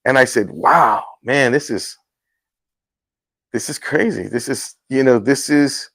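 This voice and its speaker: Fields: Sex: man. Role: talk show host. Style: casual testimony chat. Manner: earnest, halting, acts out quotes. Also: mid-range voice, gravelly, a bit bright, dry recording, rough recording. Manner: earnest, halting storytelling with restarts.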